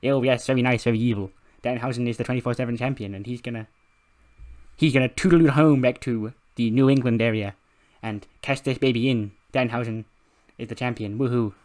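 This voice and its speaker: A man's voice: mid-range voice, steady tone, brisk, darkish tone, close to an everyday voice. A man doing an impression of a creepy-cute male wrestler who calls himself very nice and very evil, speaking of himself in the third person. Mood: gleeful. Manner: chirpy, odd third-person speech.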